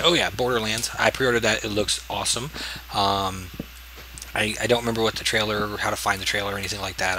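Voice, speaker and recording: Over background noise, a man with a voice on the low side rambles to himself while playing a game. As host of a casual let's-play, he yelps and exclaims each time he's attacked.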